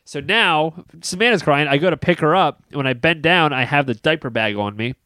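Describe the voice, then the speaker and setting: A man's voice: on the high side, normal speed, pushed and bright, dry recording, studio quality. A young man, a pastor and podcast co-host, telling a funny story in casual chat and laughing often.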